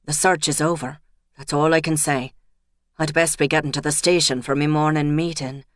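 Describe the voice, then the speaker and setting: A man's voice: on the high side, steady tone, normal speed, fairly bright tone, no room sound, studio quality, natural voice. A woman doing a guarded policeman. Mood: guarded, confiding. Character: nervous young Irish police officer.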